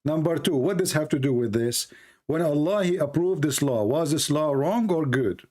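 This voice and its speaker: A man's voice: a little high, animated, moderate pace, a little mellow. A man who is losing his voice, hosting a call-in debate, pressing the caller and repeating his questions. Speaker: debate host.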